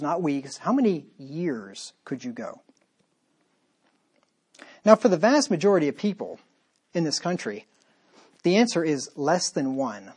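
A man's voice: on the high side, darkish tone, breathy edge. A man preaching a sermon as pastor, talking straight to his listeners with emphatic repetition and rhetorical questions.

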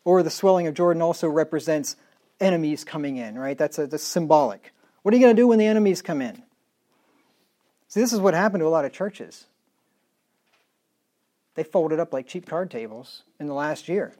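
A middle-aged male pastor preaching a sermon emphatically, reading scripture slowly and dropping into quiet asides. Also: a little high, animated. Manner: emphatic preaching, reads scripture in slow measured tones, drops to quiet asides.

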